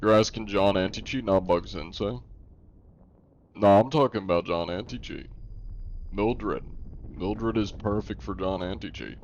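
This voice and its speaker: A man's voice: on the low side, unhurried, a little mellow, lo-fi sound. A young man streaming live, chatting casually with viewers and joking at his own expense. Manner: jokey, self-deprecating, answers chat.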